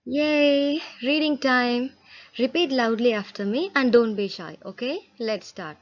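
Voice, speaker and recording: A woman's voice: a little high, measured pace, dull audio. A woman teaching an English reading lesson, encouraging pupils to repeat words after her. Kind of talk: slow classroom reading lesson.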